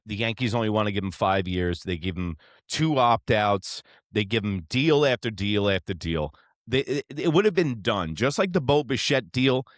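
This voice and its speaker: A man hosting a sports show, ranting in a brash, profane, excitable way. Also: fairly low pitch, no room sound, clean studio sound. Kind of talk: fired-up sports reaction rant.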